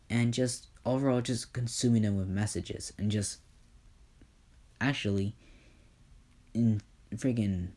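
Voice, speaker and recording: A man casually telling a fan-fiction story, rambling with lots of fillers. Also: fairly low pitch.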